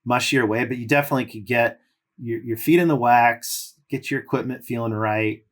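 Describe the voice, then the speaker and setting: A man's voice: medium pitch, moderate pace. A middle-aged man from California, a former pro surfer, casually telling long stories as a podcast guest with loose fillers. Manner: relaxed, rambling with fillers. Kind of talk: casual storytelling.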